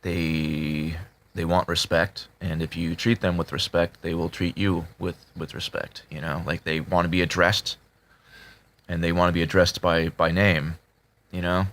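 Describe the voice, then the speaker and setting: Subdued low gravelly man. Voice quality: flat tone that can sound annoyed. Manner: halting, many fillers and restarts, subdued. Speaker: video creator talking to subscribers. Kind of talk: casual confessional talk to camera.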